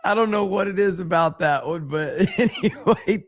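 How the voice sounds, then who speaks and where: A man's voice: high-pitched, moderate pace. A man hosting a casual livestream podcast, laughing often and rambling as he reads out viewer messages. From United States.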